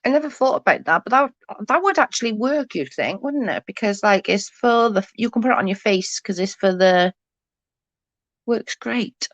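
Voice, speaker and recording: A tired woman with a mild stutter chats casually with her stream viewers, often breaking off and starting her sentences over. Her voice is mid-pitched and sounds dry and close, through a dull, lo-fi home mic. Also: animated, moderate pace, no echo. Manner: chatty, trails off into restarts. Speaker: live-stream host.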